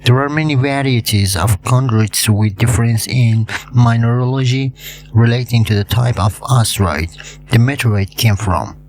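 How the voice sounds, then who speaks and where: A man with a non-native English accent who hosts his own channel and explains a science topic informally, in a halting way with many hums and restarts. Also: medium pitch, darkish tone. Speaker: channel host.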